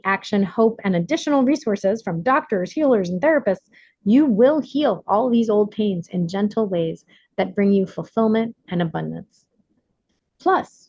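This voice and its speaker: A woman reading her own self-help book aloud, earnest and deliberate, at a middle pitch. Her words come through a dry, somewhat dull recording with no room sound. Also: a little mellow, dry recording.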